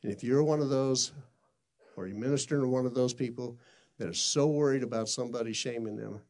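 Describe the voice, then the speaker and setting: Gravelly middle-aged man preaching. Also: mid-range voice, brisk, a little mellow. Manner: earnest, conversational, with restarts. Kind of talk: sermon storytelling.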